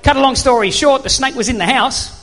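A man's voice: very high voice, brisk, fairly bright tone. A male pastor preaching a sermon, telling a story animatedly and acting out the voices in it. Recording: hall reverb.

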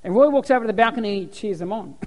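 A man preaching a sermon as pastor, animated storytelling. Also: high-pitched, very fast. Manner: animated storytelling, acts out cheering crowds. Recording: echoey hall with long reverb.

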